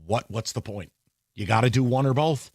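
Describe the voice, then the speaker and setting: A man's voice: mid-range voice, moderate pace, a little mellow. A man hosting sports talk radio, ranting emphatically into a studio microphone.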